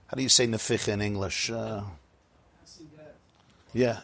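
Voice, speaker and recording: A man's voice: medium pitch, very animated, normal speed, gravelly, long pauses, a bit bright, breathy edge, no room sound. A man teaching a Talmud and Chassidus class, telling the story with laughing asides and mixing Hebrew and Yiddish terms into his English. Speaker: Torah teacher.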